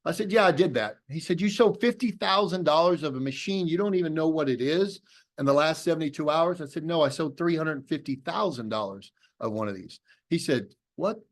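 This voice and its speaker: Brisk, expressive, and fairly high-pitched, this man is a business opportunity presenter giving a motivational talk to an audience over a video call. He tells a story, acting out both sides of conversations he remembers.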